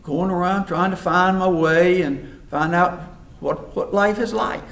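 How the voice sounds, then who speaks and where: A man voicing an easygoing young wanderer with a relaxed drawl. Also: high-pitched, unhurried. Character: laid-back young wanderer, easygoing and plain. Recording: roomy hall, mic far off.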